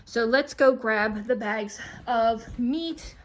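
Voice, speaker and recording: A woman's voice: fairly high pitch, slow. A young woman chatting at home about her grocery bargains, a little out of breath as she unpacks. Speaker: vlogger. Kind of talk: casual grocery haul chat. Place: at home, kitchen.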